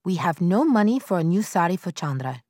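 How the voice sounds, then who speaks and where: A woman reading aloud, voicing a harsh older mother-in-law who scolds in a shrill, raised voice. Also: very animated, a little fast, darkish tone, no room sound, clean studio sound. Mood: commanding.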